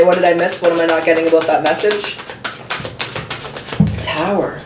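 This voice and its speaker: A woman giving a casual tarot reading, chatty and candid, thinking aloud as she draws each card. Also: medium pitch. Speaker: tarot reader. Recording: roomy, distant from the mic, faint noise.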